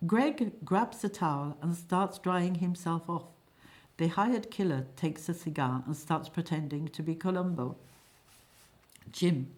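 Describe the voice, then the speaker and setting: A woman reading a comic stage play aloud, giving the stage directions in a low, flat aside. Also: a little slow. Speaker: play reader.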